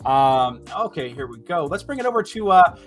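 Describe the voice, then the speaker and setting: A relaxed man hosts a tabletop game stream and jokes with his players. His voice sits at an ordinary pitch, with soft music playing behind him. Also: normal speed. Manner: relaxed and joking, drawls "y'all". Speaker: game master.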